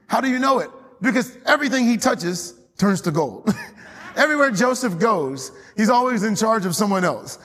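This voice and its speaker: Husky-voiced man preaching in a reverberant church. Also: high-pitched, normal speed. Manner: animated preaching with frequent laughs and rising emphasis. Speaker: pastor. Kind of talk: sermon. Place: church sanctuary. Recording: long hall reverb.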